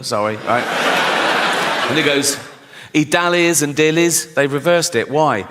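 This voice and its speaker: A man's voice: on the high side, unhurried, pauses often. A man performing stand-up comedy in a chatty, storytelling way, often checking in with the audience and acting out what people said. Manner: conversational, keeps asking "right?", acts out quotes. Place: large live venue with audience. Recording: live hall reverb, faint room noise.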